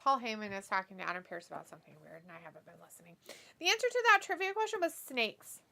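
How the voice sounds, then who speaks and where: A woman's voice: medium pitch, big pitch swings, quick pace, vocal fry, pushed and bright. A woman co-hosting a casual livestream watch-along, reading viewer comments aloud with frequent giggles.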